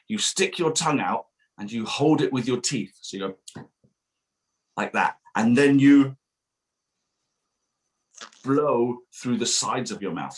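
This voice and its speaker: A man, a children's author, reading his picture book aloud to children at a bookshop event, playful and sing-song, demonstrating silly noises. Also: medium pitch. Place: bookshop event streamed online.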